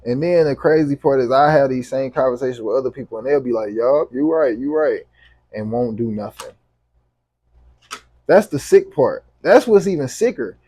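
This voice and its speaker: A man's voice: medium pitch, expressive, normal speed, darkish tone, no room sound. A man vlogging to camera, venting in a heated, profane, repetitive way.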